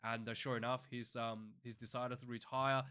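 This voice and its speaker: A man's voice: medium pitch, level tone, moderate pace, pushed and bright, clear, resonant tone. A man hosting a casual news commentary show, talking in a rambling way full of fillers and restarts and working up into heated rants. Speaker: rugby news show host.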